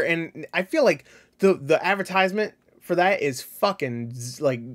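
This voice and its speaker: A young man with a somewhat high voice talks through his gaming predictions in a loose, rambling way. He piles on fillers and restarts. He swears casually as he goes. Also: sing-song, fairly quick. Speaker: gaming channel host. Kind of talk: casual solo predictions talk.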